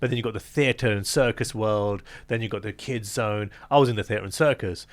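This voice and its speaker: A London magician in his thirties, appearing as a guest in a casual interview, tells stories and animatedly acts out other people's quoted lines, laughing often. His voice is on the low side and a little fast.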